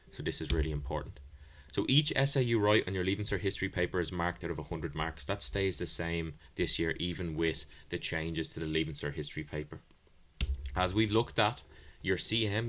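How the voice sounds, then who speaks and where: A man's voice: sits low, fairly bright tone. A man giving an online history exam revision lesson, explaining things plainly with some fillers. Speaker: history teacher.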